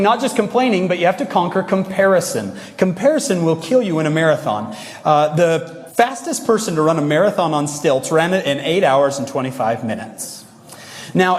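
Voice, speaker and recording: Upbeat man speaking in a hall. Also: fairly high pitch. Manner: humorous, playful, mimics whiny voices. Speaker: youth speaker. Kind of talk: energetic devotional talk to youth.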